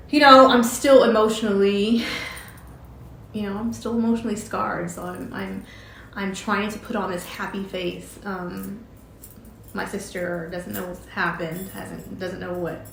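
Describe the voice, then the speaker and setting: A woman's voice: mid-range voice, a bit bright, slight background noise. A woman casually telling a personal story, chatty and often laughing as she recounts conversations. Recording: roomy echo with faint ambience.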